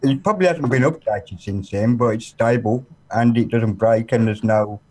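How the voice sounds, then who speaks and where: A man joining a tech chat over a video call. He explains details haltingly and repeats words as he goes. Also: medium pitch, darkish tone. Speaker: call-in participant.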